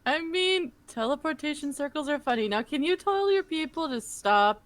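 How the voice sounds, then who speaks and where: A woman's voice: sits high, expressive, moderate pace. A woman playing a tabletop game in casual chat, making dry, wry suggestions. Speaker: player.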